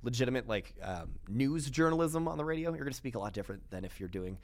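A young man from Quebec, a radio host guesting on a podcast, talking in a chatty, animated way with many restarts. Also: medium pitch, quick pace, no echo. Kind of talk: casual interview chat.

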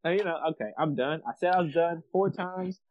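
A man co-hosting a sports podcast, ranting emphatically in casual slang and circling back to repeat his points. His voice is on the higher side for a man. The recording is dull and muffled, with a dry sound. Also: fairly quick, dry recording. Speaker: podcast co-host.

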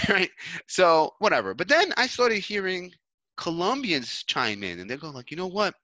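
A man from New York City telling stories in casual chat, animated, with lots of fillers, restarts and swearing. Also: high voice, a little slow, no echo, low-quality recording.

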